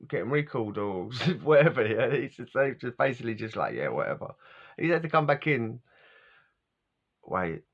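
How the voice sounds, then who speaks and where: A man's voice: mid-range voice, a bit bright. A man telling a story in a rambling, slangy way, often chuckling as he talks. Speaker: vlogger telling a life story. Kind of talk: casual storytelling monologue. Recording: dull lo-fi sound.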